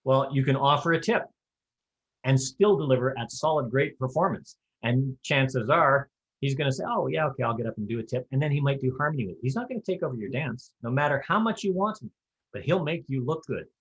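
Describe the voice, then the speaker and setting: A man's voice: medium pitch, animated, brisk, fairly bright tone, dull audio. A man giving a conversational, practical lesson on square dance calling, with folksy asides and offhand humor. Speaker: square dance caller teaching callers. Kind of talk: instructional talk.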